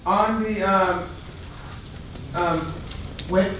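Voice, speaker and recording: A man's voice: high-pitched, steady tone, drawn-out words, fairly bright tone. Guy asking a question from the crowd, far from the mic, really echoey hall, faint noise. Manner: hesitant, fillers. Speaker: audience member asking a question. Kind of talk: audience question. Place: convention panel audience.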